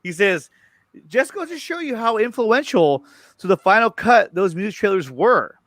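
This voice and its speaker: A man hosting a casual chat about movie news. He is excited, repeats his words and often restarts his sentences. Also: sits high, normal speed, no echo, studio quality. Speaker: show host.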